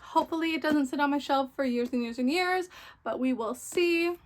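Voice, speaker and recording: Chatty high-voiced young woman vlogger. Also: moderate pace. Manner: chatty, gushing, many fillers like "like" and "so yeah". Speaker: book vlogger. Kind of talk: casual book haul chat.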